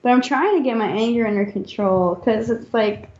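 A woman's voice: fairly high pitch, moderate pace, muffled recording, a crowd in the background. A woman in casual chat as a guest, giggly and rambling as she opens up about her feelings.

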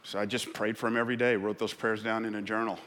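A man's voice: on the low side, level tone, fast talker, fairly bright tone, long reverb tail, slight background noise. A man preaching a sermon as a pastor in a church, impassioned and stumbling over restarts as he presses his points.

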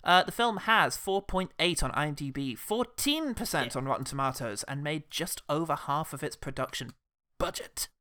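A man's voice: on the high side, normal speed, hardly any pauses, clear, resonant tone, no echo. A man co-hosting a casual comedic film review podcast, joking and laughing often. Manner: joking, giggly, with animated voice swings. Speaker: podcast co-host.

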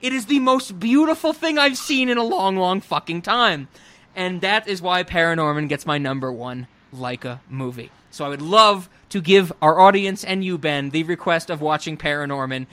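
A young man talks films on a podcast in a high, bright, forceful voice. He gushes with open enthusiasm and drops swear words freely. His style is loose and conversational. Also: moderate pace. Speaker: podcast co-host. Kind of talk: casual film discussion.

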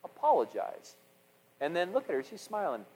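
A middle-aged pastor preaching a sermon with a voice pitched a little high for a man. He is animated, repeats and restarts words, and swings between loud passages and hushed ones. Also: normal speed, husky, long reverb tail, poor audio.

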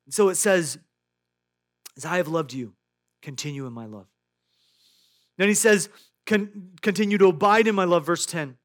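A man preaching a sermon as pastor, swinging between loud emphatic lines and hushed quiet ones, often repeating words as he builds a point. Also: high voice, moderate pace, long pauses.

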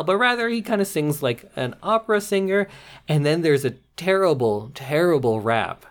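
Woman co-host, sarcastic and playful, very deep voice with a lot of lilt. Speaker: podcast co-host reviewing movies. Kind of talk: casual chat.

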